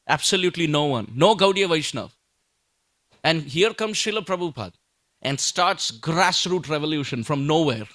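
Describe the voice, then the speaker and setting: A man's voice: fairly high pitch, bright, forceful tone, dry recording, studio quality. A man giving a sermon, building his points through rhetorical questions and emphatic repetition. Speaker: speaker at a devotional talk.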